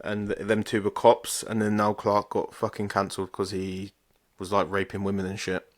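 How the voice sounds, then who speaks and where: A man's voice: fairly low pitch, completely flat delivery, normal speed. A man, co-hosting a podcast and explaining things at length in casual, sweary chat. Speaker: podcast co-host.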